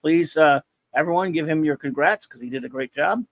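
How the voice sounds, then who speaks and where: A man's voice: on the high side, a little fast, vocal fry, no echo. A man hosting a casual livestream podcast, talking in jokey, teasing showman patter. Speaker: podcast host.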